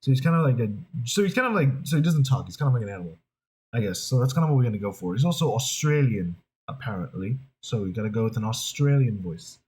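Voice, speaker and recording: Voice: mid-range voice, big pitch swings, fast, darkish tone, rough recording. A voice actor chatting casually to camera, rambling and restarting sentences while thinking aloud. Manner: rambling, hesitant, with many restarts.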